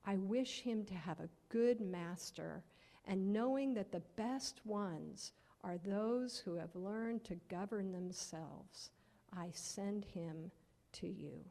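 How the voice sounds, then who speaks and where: A woman voicing a kindly older gentleman, speaking slowly and gently as she reads out his note. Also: mid-range voice, creaky, big-room sound. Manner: slow, gentle and measured.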